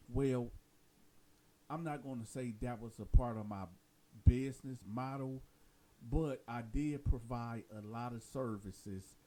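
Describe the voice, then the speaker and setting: Mellow-voiced man telling a street story. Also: on the low side. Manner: animated, streetwise slang. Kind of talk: casual storytelling to camera.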